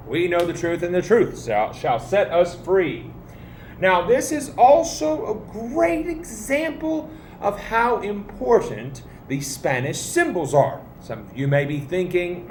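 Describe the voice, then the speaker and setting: A man's voice: fairly high pitch, animated, a little slow, a little hiss or hum. A man teaching a language lesson to students, patient and explanatory with playful emphasis. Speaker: Spanish teacher. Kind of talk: classroom video lesson. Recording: echoey room, faint ambience.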